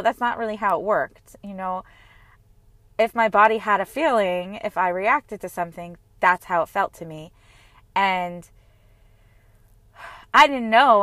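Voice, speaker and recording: A woman in her thirties, a mother, talking earnestly and gently about her own experience in a heartfelt personal monologue. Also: medium pitch, dry recording. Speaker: mother sharing personal reflections.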